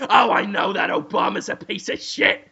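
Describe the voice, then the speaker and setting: A man voicing a frantic, shouting male villain who makes coats from puppies, in a comedy podcast. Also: sits high, steady tone, normal speed, creaky, breathy edge, muffled recording, full character voice. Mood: manic shouting. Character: shrieking manic male villain, puppy-coat maker.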